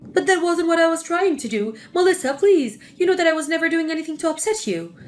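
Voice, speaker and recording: A woman's voice: very high voice, lively intonation, quick pace, soft background music. A woman voicing a spiteful, scornful older mother-in-law in a dramatic story reading. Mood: defensive. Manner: sneering, contemptuous.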